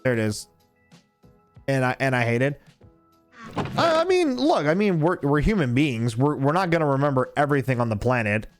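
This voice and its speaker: Lively, swearing young male streamer. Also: mid-range voice, fairly quick, faint music behind. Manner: rambling, heavy swearing. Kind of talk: casual chat while gaming.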